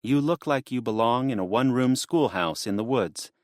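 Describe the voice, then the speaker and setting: A kindly woman in an audiobook, soft and coaxing, performed by a male narrator. The voice is lifted slightly above his own. The sound is close and dry. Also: medium pitch, expressive, moderate pace, dry recording, pitched above the performer's own voice, natural voice. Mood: doting. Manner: gentle, coaxing. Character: sweet, doting adult woman.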